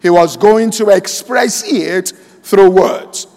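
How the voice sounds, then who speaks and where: Male pastor with a very high voice, preaching slowly to a congregation in a reverberant hall. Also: a little mellow. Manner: preaching slowly and deliberately, quoting scripture aloud; checks in with the congregation often. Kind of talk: sermon. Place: large church hall.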